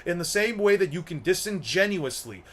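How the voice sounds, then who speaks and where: A man's voice: sits high, lively intonation, moderate pace, fairly bright tone. A young man hosting an anime commentary channel, ranting casually, rambling, repeating words and swearing. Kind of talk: casual opinion rant.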